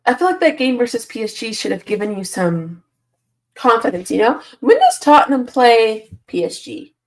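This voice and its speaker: A woman's voice: on the high side, very animated, normal speed. Woman, live stream host, casual chat, sleepy, reads comments aloud, laughs often. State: sleepy, yawning early in the morning. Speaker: football channel host reading live chat.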